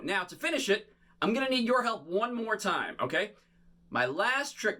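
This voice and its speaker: A man performing a bubble show for children, talking to them in playful, animated patter. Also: sits high. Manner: animated, playful, talks straight to kids.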